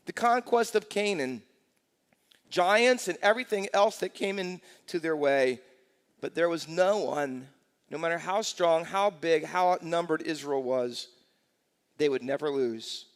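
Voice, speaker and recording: A man in his sixties, a pastor preaching a lively sermon in a church, telling stories and asking the congregation rhetorical questions. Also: a little high, unhurried. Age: 60s. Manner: energetic storytelling with rhetorical questions. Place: church sanctuary. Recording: long church hall reverb.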